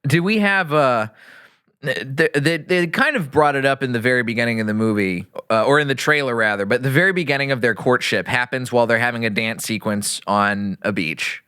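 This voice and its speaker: A man from Texas hosting a casual comedy podcast, rambling and animated as he riffs on a movie, often laughing mid-sentence. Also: medium pitch, a little fast, clear, resonant tone. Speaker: podcast host.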